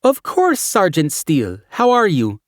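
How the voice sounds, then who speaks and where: Polite brisk receptionist woman, thick Spanish accent, high lively voice, as a male narrator puts her on, dry audiobook sound. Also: no room sound.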